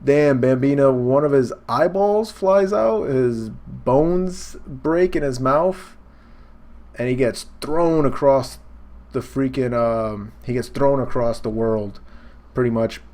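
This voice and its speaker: A young man hosts a casual reaction video with a middle-pitched voice. He retells the action excitedly, throws in swearing and punchy sound effects, and talks into a desk mic. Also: slow pace. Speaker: host. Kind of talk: casual manga reaction commentary.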